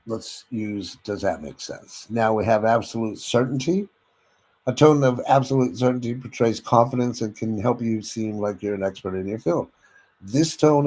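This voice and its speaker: Man teaching sales tonality, fairly low voice. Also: darkish tone, low-quality recording. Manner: instructive, addresses listeners directly with frequent "okay?"; demonstrates vocal tones and inflections while teaching. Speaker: sales trainer. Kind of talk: sales training lecture.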